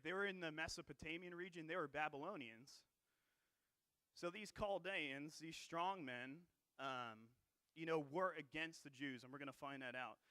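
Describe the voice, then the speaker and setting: A man preaching in church with a bright, forceful tone and a slightly high pitch. He talks conversationally, with plenty of fillers and "right?" checks, and keeps clearing a dry throat. The sound is close and dry. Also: no echo. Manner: conversational, many fillers and tag questions. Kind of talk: sermon.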